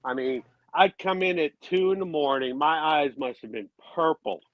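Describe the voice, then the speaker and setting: A man's voice: fairly high pitch, lively intonation, moderate pace, no echo, dull audio. A middle-aged man telling laid-back anecdotes about his youth in a casual chat, chuckling now and then.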